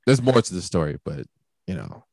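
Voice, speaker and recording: Young man, casual storyteller, swearing a lot, very lively pitch, dry close sound. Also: brisk, vocal fry, dry recording. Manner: animated, profane storytelling that acts out quoted lines. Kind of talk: casual chat.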